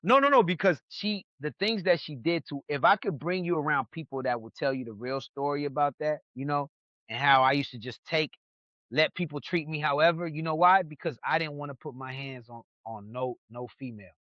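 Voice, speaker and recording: A man from New York hosting a podcast, telling stories in a casual, animated way and acting out what other people said. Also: on the high side, fairly quick, no room sound. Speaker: podcast host. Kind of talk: casual storytelling chat. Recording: dull lo-fi sound.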